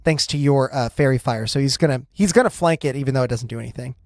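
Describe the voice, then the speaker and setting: A man narrating as game master of a tabletop role-playing game, relaxed, with frequent hesitations. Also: medium pitch, fast, no echo.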